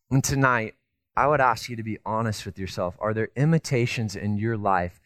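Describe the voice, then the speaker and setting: Animated man preaching a sermon. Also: fairly low pitch, moderate pace, dry recording. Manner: animated storytelling, swinging between loud emphasis and hushed tenderness; conversational, self-deprecating asides with restarts. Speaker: pastor.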